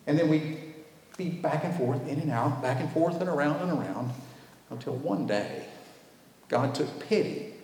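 A man's voice: on the high side, a little mellow. Man preaching in an echoey church hall. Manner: emphatic, drawing out key words slowly. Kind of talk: sermon. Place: church with a responding congregation. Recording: echoey hall with faint background noise.

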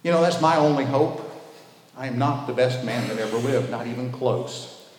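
A man preaching a sermon in a church while the congregation answers him, leaning hard on key words and drawing them out slowly. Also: medium pitch. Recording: echoey hall with faint background noise.

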